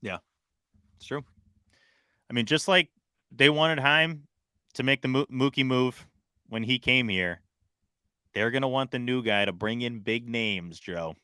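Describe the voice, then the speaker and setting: A young man co-hosting a casual sports podcast, excitable and swinging between loud bursts and quieter asides. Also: mid-range voice, unhurried, long pauses, clean tone, no echo, studio quality. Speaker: podcast co-host.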